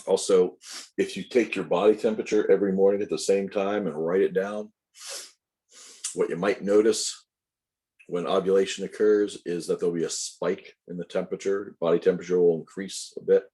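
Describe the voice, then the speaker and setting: A man lecturing on anatomy in a deep voice. His tone is dark and mellow. He walks through each point step by step, pausing to correct himself and to add asides for his students. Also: level tone. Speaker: anatomy instructor. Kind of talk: recorded lecture.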